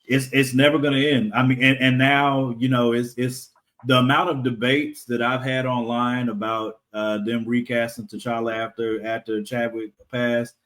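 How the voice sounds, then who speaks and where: A man's voice: medium pitch, flat delivery, normal speed, a bit bright. A man, a comic creator guest, talking casually in a podcast interview, rambling with fillers and frequent laughs.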